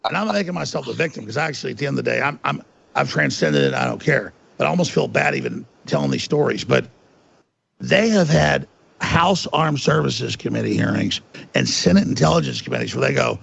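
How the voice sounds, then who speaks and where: Gravelly, fired-up ranting man. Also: medium pitch, animated, fairly quick, a bit bright, lo-fi sound. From United States. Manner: angry, ranting, emphatic. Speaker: guest. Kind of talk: heated podcast interview.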